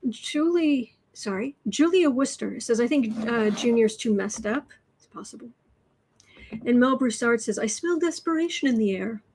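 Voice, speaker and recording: A woman's voice: fairly high pitch, expressive, normal speed, darkish tone, slight background noise, low-quality recording. Chatty woman hosting a tarot livestream. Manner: chatty, frequent restarts and repeated words. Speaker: tarot reader and livestream host. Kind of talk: casual livestream chat, reading out viewer comments.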